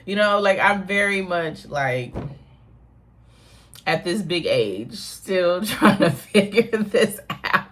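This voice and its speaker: A woman's voice: fairly low pitch, lively intonation, slow, fairly bright tone. A woman comedian talking casually to her camera at home, rambling and self-mocking with frequent laughs. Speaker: stand-up comedian. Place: home in New York without central air.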